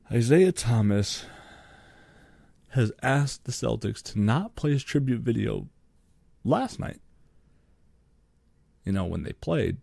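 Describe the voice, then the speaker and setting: A man's voice: on the low side, gravelly, dark tone, no room sound. A young man, co-hosting a podcast and ranting sarcastically about sports, swearing freely. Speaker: podcast co-host. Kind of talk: solo sports podcast rant.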